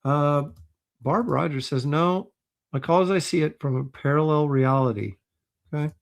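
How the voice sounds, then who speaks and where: Guy hosting a chill livestream, sarcastic and doubtful, voice a bit on the high side. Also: normal speed, creaky. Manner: sarcastic, skeptical, reads viewer comments aloud. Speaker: livestream host. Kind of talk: casual livestream commentary.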